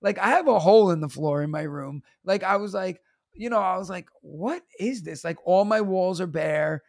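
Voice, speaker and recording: A man's voice: sits high, no echo, studio quality. A man in his thirties, a teacher and comedian, telling stories casually and acting out other people's lines. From New York. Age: 30s. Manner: animated, acts out other people's lines in quick bursts. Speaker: teacher and stand-up comedian guest. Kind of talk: casual storytelling interview.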